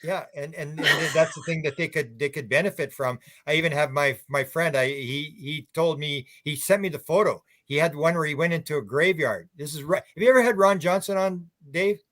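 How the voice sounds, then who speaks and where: Male guest, higher-pitched man, rambling anecdotal talker. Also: brisk, hardly any pauses, a bit bright. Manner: rambling, anecdotal, many restarts. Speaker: UFO researcher guest. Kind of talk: casual radio interview chat.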